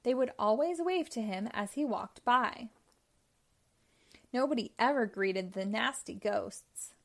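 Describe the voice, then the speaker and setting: Slow, gentle storytime woman. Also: a little high. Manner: slow, clear, expressive reading. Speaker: storytime host. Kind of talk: children's read-aloud narration.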